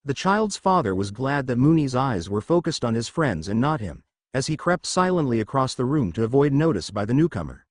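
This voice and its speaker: A man narrating a fan fiction story aloud in an expressive storybook reading. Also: medium pitch, a little fast, few pauses, no echo, studio quality.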